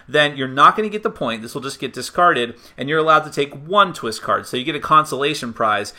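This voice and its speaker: A board game reviewer with a medium-pitched, sharp-toned voice casually explains the rules of a party game. He's chatty and self-mocking, laughing at his own slips as he goes.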